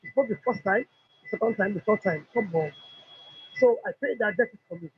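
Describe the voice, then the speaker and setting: A woman's voice: medium pitch, fairly quick, breathy edge. A middle-aged woman with a Nigerian English accent, telling an emotional personal testimony and acting out what others said. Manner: animated storyteller who acts out dialogue. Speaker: customer giving a product testimony. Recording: dull lo-fi recording.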